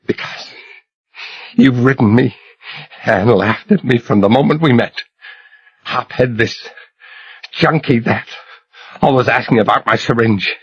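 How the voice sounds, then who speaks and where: A man's voice: mid-range voice, measured pace, pauses often, breathy edge, dry recording. A man voicing a jittery, vicious junkie gunman who rants and sneers with venom. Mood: menacing whisper. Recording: muffled lo-fi recording.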